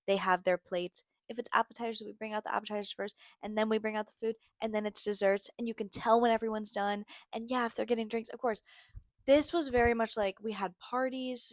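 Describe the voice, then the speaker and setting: Young woman podcast host, casual and chatty, mid pitch, dry close sound. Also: no echo. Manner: chatty, animated, lots of "like" and "you know what I mean". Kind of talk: casual storytelling monologue. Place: New York.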